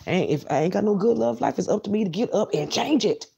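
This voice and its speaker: Woman, preachy rant, dark husky voice. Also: medium pitch, expressive, quick pace, lo-fi sound. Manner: blunt, preachy, repeats phrases for emphasis. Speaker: vlogger. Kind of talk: motivational rant to viewers.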